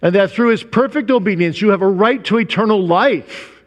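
A man preaching a sermon, emphatic, with rhetorical questions and stressed, drawn-out words. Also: high voice. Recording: long hall reverb.

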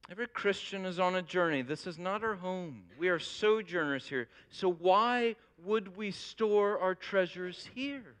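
Bright, high-voiced preacher man. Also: unhurried, hardly any pauses, clear, resonant tone. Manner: animated storytelling with rising emphasis. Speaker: pastor. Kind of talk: sermon.

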